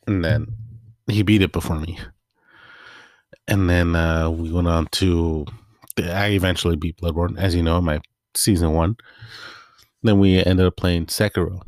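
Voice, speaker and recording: A man's voice: deep voice, fairly even intonation, normal speed, long pauses, darkish tone, no room sound, clean studio sound. A man hosting a podcast, telling stories in a laid-back, rambling way full of fillers. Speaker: podcast host. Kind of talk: casual chat.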